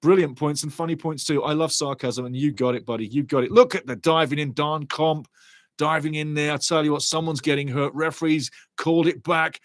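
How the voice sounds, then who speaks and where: An excitable man calls a match live and chats back at his viewers. His voice sits a little high, and he keeps looping his pet phrases. The sound is dry and close. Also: fairly quick, no echo. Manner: excitable, chatty, repeats catchphrases. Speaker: watch-along commentator. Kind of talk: live match commentary with chat reading.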